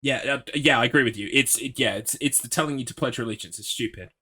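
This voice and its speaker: A man's voice: medium pitch, fast, pushed and bright, slightly rough. A man streaming a horror game, chatting with his audience in a rambling, swear-prone way. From United Kingdom. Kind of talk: gaming livestream commentary.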